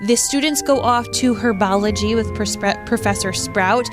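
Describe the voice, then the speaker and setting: A woman's voice: mid-range voice, moderate pace, over music. A woman co-hosting a podcast in casual chat, chatty and laughing often, sometimes acting out lines. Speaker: podcast co-host.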